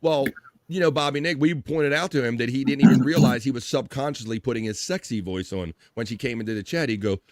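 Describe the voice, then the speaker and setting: A man's voice: mid-range voice, fast talker, dry recording. A man hosting a live stream, joking loosely and reading viewer comments aloud, with mild swearing. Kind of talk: casual live stream chat.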